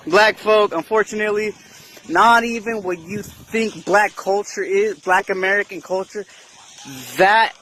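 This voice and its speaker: High-voiced unhurried male host, slangy, curses, faint noisy bed. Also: fairly bright tone. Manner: repeats "right?" as a tag, mixes slang and cursing. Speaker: channel host. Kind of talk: casual commentary monologue.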